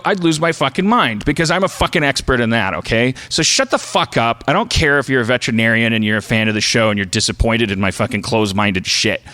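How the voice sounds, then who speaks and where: A man's voice: medium pitch, fairly bright tone. A man hosting a comedy podcast, delivering a profane, stammering rant monologue.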